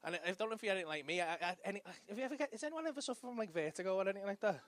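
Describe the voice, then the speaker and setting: A man doing a stand-up comedy set on a club stage, telling a profane, animated story into a handheld mic with audience laughter behind. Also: high voice, racing.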